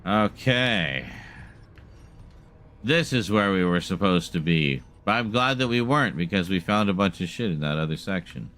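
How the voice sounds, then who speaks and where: A man's voice: low-pitched, animated, moderate pace, a bit bright. A man giving casual, chatty live commentary as he streams a horror game, wry and laughing at himself, with light swearing. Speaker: gaming streamer.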